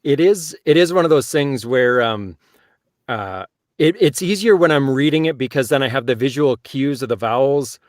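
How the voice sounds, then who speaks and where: A man's voice: mid-range voice, animated, normal speed, dry recording, studio quality. A man with a Canadian accent, an audiobook narrator and co-host, talking in a chatty, good-humoured way and laughing easily. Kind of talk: casual chat.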